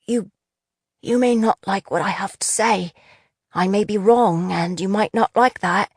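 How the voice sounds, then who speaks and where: A woman's voice: medium pitch, a little slow, husky, no room sound, studio quality. Woman voicing a nervous young lad, pleading. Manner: pleading and apologetic. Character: nervous young male mine worker, fortune teller.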